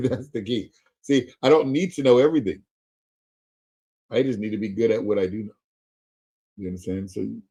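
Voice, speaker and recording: A middle-aged man leads a webinar sales training. His voice is husky and warm, and he hammers his points home by repeating them and checking that his audience is following. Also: mid-range voice, rough recording. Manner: emphatic, repetitive, checks in with the listener.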